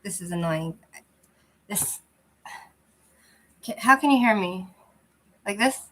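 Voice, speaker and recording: A woman with an expressive mid-range voice talks slowly to livestream viewers, hosting a casual chat on a cheap, lousy mic. The audio is poor, with slight background noise. She rambles, keeps things loose and chatty, and often restarts.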